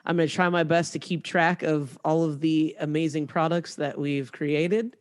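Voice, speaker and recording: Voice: medium pitch, fairly even intonation, normal speed. A podcast host in casual chat, listening encouragingly and leading a party game with frequent affirmations.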